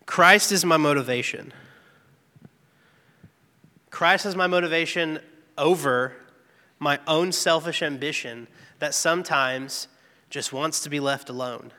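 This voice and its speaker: A man's voice: a little high, unhurried, pauses often, bright, forceful tone. Earnest man testifying in an echoey hall. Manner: earnest, candid storytelling. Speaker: speaker giving a personal testimony. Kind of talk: devotional testimony talk. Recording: long reverb, echoey hall.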